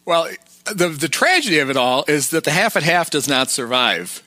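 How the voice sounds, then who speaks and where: A man's voice: a little high, very animated, moderate pace, sharp tone, no room sound. A man hosting a podcast, casually retelling film scenes and quoting lines. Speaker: podcast host.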